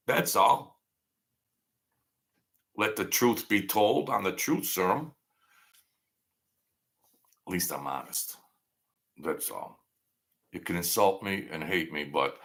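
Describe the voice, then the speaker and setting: This livestream host, a man in his sixties, has a low-pitched voice with a bit of brightness. His casual chat wanders, mixing sentiment with jokes.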